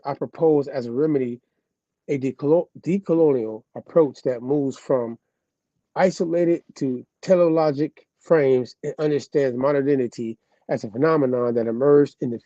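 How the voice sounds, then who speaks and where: A man, reading an article aloud and commenting casually, slowly and with stumbles over words. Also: mid-range voice, dark tone, no echo, lo-fi sound.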